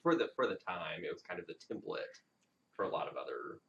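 Low-voiced joking man on a dull recording. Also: sing-song, fast, fairly bright tone. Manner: joking, laughs often, playfully sarcastic. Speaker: podcast co-host. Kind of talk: casual review chat. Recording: dull lo-fi sound.

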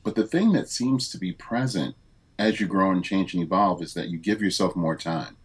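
Male guest, very low husky voice, measured and reflective. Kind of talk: casual conversation.

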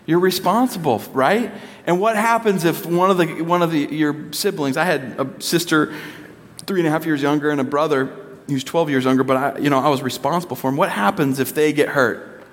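Animated male preacher, thirties, a little high-pitched, recorded in a big echoing hall. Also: fairly quick. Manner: animated, acts out children's voices. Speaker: speaker addressing a congregation. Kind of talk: sermon with personal stories.

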